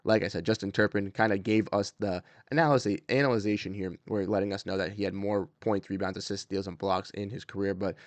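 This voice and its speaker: A man's voice: on the low side, fairly even intonation, quick pace, few pauses, dry recording. Fired-up young man, dry close mic. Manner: fired-up, repetitive, many fillers. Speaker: sports commentary host. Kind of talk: casual commentary.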